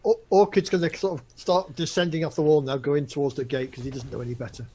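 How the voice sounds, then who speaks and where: A man playing a tabletop role-playing game, talking quickly and eagerly. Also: on the high side, steady tone, mellow, husky. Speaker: player. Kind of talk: tabletop role-play chat.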